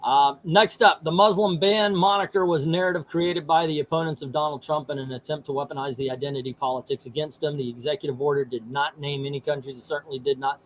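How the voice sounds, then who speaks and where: Guy hosting a chat, reads an article out loud, lots of uhs, voice sits a bit high. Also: steady tone, quick pace, few pauses, a little hiss or hum, low-quality recording. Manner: reads out article text with frequent "uh" fillers. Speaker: host. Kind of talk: casual chat reading news aloud.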